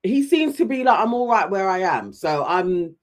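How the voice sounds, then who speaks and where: Animated man recapping reality TV. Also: high-pitched, normal speed. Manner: animated, mimics voices when retelling scenes. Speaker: podcast co-host. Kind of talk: casual reality TV recap chat.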